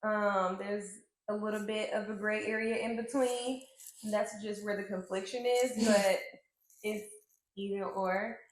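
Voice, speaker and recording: A woman's voice: mid-range voice, steady tone, a little slow. A woman co-hosting a podcast in casual chat, talking frankly with many fillers and casual swearing. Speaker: podcast co-host. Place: indoor room, on a couch. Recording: echoey room, faint noise.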